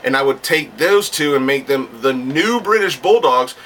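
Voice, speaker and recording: A man's voice: medium pitch, animated, moderate pace, a bit bright, recorded from a distance, a little hiss or hum. A man rambling in a casual talking-to-camera monologue, often restarting his sentences and getting worked up, with some swearing. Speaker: wrestling fan vlogger.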